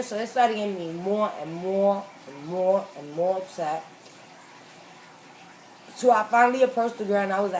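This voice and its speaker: A woman hosting a mukbang, telling a story in a casual, animated, slangy way and acting out the quoted lines. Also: medium pitch, normal speed, long pauses, slight background noise, poor audio. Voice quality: animated, emphatic, slangy retelling with acted-out quotes. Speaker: mukbang host. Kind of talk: casual storytelling while eating.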